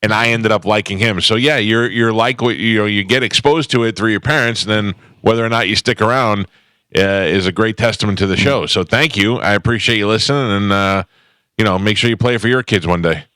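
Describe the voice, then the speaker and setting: A man's voice: on the low side, a little fast, bright, forceful tone, clear, resonant tone, dry recording. A middle-aged man hosting a morning radio call-in show, joking and self-mocking as he banters with callers and co-hosts. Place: radio studio.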